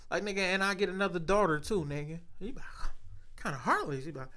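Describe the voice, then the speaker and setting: Man, slightly high voice, casual profane talk, slang-heavy. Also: quick pace, bright, forceful tone, smooth. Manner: loose, profane storytelling with slang. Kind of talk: casual chat.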